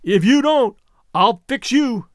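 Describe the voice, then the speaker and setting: A man voicing a menacing big male fisherman outlaw who shouts threats across the water. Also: extremely high pitch, expressive, slow, no room sound, studio quality, voice pushed up, full character voice. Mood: threatening.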